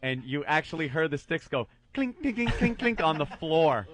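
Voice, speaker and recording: A man co-hosting a radio show in casual chat, telling a crude story in an animated way and acting out the quotes, on a studio microphone. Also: on the high side, normal speed.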